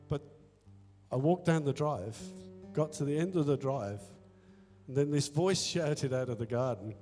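A man in a church hall shares a candid, self-deprecating testimony, acting out his own inner conversations as he goes. His voice is mellow and dark, carrying with a long reverb through the room while soft music plays faintly underneath. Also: medium pitch, a little slow. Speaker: church elder. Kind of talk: personal testimony in a church service.

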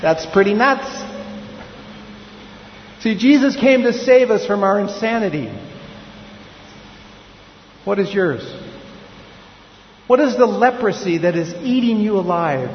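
High-voiced male pastor in reverberant hall. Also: lively intonation, takes it slowly, long pauses, a little hiss or hum. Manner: reflective, confessional, rhetorical questions. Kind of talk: sermon. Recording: dull lo-fi sound with long hall reverb.

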